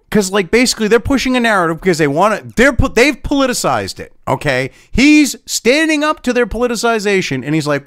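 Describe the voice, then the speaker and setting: A man's voice: a little high, very animated, normal speed, no room sound, clean studio sound. A man hosting political commentary, reading through an article and ranting with profanity and sarcasm.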